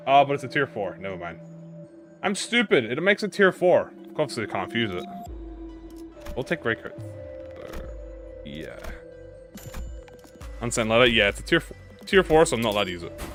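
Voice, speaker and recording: Chatty young male game streamer, lively pitch. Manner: rambling, self-mocking, talks to chat. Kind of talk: casual gameplay commentary to chat. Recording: game music behind voice. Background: game music.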